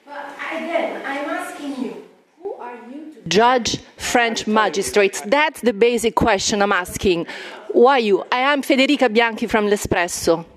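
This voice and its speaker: A woman journalist from Italy, challenging a speaker in an indignant, rapid back-and-forth at a press conference. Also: fairly high pitch, expressive. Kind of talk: heated press conference exchange.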